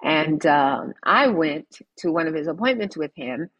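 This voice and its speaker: A woman's voice: sits low, unhurried, husky, no echo, muffled recording. A woman sharing her personal story in a conversational interview, firm and direct, acting out the people in it. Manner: animated storyteller who acts out dialogue. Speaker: interview guest, cancer survivor.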